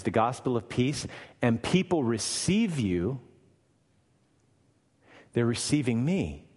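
A man preaching a sermon as pastor, earnest, rising louder and slowing on key points. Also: medium pitch, in a large hall.

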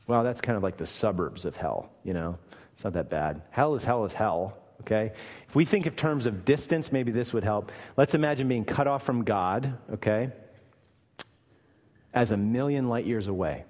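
A man preaching a sermon as pastor, earnest, rising louder and slowing on key points. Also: fairly low pitch, in a large hall.

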